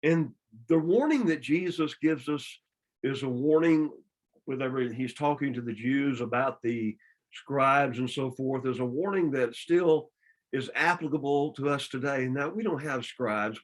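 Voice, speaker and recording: A man's voice: medium pitch, rough recording. A man teaching a church Bible study, explaining scripture plainly with frequent restarts and repeated words, with a Southern US accent.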